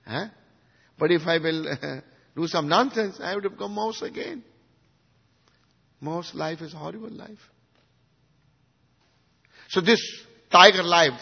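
Husky man giving a devotional lecture. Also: on the high side. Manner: swings from hushed to emphatic, asks the audience questions. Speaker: spiritual teacher. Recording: dull recording in a reverberant hall.

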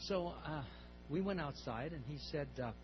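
Older man telling a story in a high voice. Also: animated, moderate pace, soft background music. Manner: rambling, with repeated words and restarts. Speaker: speaker at a temple class. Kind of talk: storytelling class talk. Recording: slightly muffled, faint hum.

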